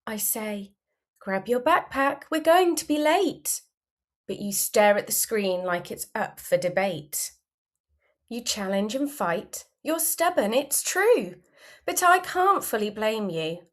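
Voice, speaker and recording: A woman reading a rhyming children's story aloud in a gentle, expressive, sing-song way. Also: mid-range voice. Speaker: storybook reader. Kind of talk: children's read-aloud in rhyme.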